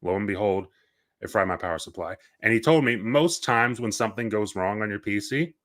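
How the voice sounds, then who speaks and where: A man's voice: on the low side, brisk, a bit bright. A man co-hosting a gaming podcast, telling rambling stories in casual chat and correcting himself as he goes. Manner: rambling, self-correcting storyteller. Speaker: podcast co-host.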